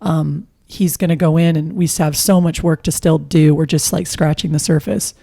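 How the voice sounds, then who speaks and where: A woman from Hawaii and California, a mental skills coach, talking as a podcast guest in an animated, casual way. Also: low-pitched, normal speed, gravelly. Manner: energetic, animated, frequent fillers and laughs. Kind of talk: casual conversational storytelling.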